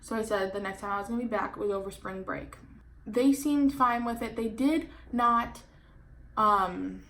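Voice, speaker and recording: A young woman in her twenties tells a story for her vlog in a loose, chatty way, leaning on "like" and jumping between thoughts. Her mid-range voice has a gravelly fry to it, and a faint hiss sits under the recording. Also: medium pitch. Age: 20s. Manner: chatty, animated, many "like" fillers. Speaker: vlogger.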